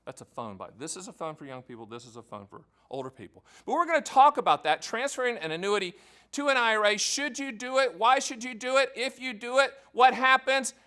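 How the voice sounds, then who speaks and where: Man, annuity agent, direct-to-camera explainer, high voice, joking, emphatic. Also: sing-song, fairly quick, pushed and bright. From American South. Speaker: annuity agent hosting his own channel.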